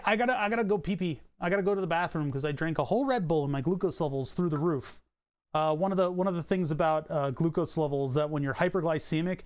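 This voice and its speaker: While tinkering during a home stream, a young man chats casually, rambling, correcting himself, and laughing at his own asides. His voice is a little high. He uses a condenser mic run through a compressor in a home room with acoustic padding.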